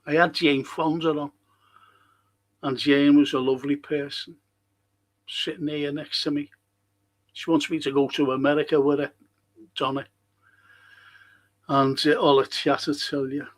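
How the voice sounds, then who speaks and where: A man hosts a casual live stream, chatting in a rambling, unhurried way. His voice sits a little high for a man, and he takes his time between thoughts. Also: level tone, low-quality recording. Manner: chatty, rambling, reads out viewer comments.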